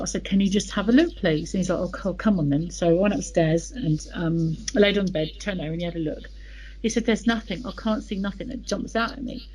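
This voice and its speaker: A woman's voice: medium pitch, low-quality recording. A woman telling a personal story as an interview guest, retelling conversations with frequent "I said, he said". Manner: lively retelling, quotes dialogue with many "I said, he said".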